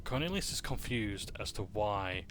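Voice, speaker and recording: A man's voice: on the low side, lively intonation, normal speed, a bit bright. A man casually recapping a tabletop game session, joking and correcting himself as he goes. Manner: casual, with fillers, jokes and self-corrections.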